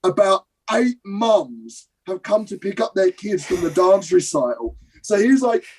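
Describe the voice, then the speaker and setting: A young adult man from Britain tells stories as an interview guest, animated and quick to act out scenes. He swears freely and keeps the energy up. His voice sits a little high for a man. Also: a little hiss or hum, rough recording. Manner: lively, swears casually, acts out scenes. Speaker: guest, professional wrestler. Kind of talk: animated anecdote telling.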